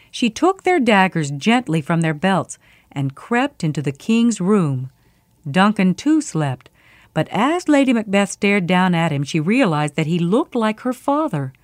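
A woman narrating a storybook in a clear, steady reading voice. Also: medium pitch, measured pace, dry recording, clean studio sound.

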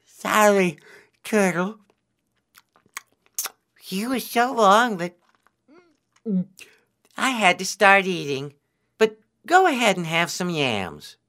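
A man voicing a greedy, bossy male spider trickster in a storybook tale, speaking high and loud. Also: very animated, slow, exaggerated voice. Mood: eager. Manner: shrill, scolding, loud.

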